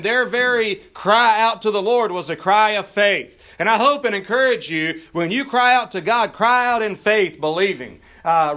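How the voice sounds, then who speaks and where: A man preaching a sermon, reading scripture slowly for emphasis and adding folksy asides with frequent "uh" fillers. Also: sits high, sharp tone. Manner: preaching with scripture reading in King James wording, drawn out for emphasis. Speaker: pastor.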